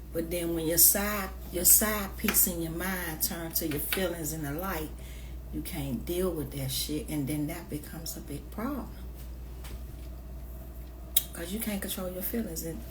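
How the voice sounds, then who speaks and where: A woman vlogging in a casual rant, moving from quiet, hushed asides to loud, laughing storytelling. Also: on the low side, background noise.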